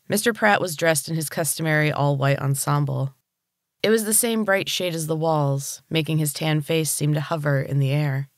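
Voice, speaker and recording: A storyteller reading a dark novel chapter aloud in a steady, unhurried way. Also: mid-range voice, dry recording, clean studio sound. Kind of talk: audiobook narration.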